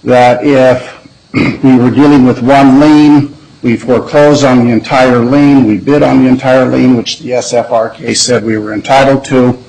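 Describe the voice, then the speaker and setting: Measured man arguing before an appeals court. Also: medium pitch, fairly even intonation, gravelly, a little mellow, rough recording. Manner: measured and deliberate, with frequent restarts. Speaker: attorney. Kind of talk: appellate oral argument.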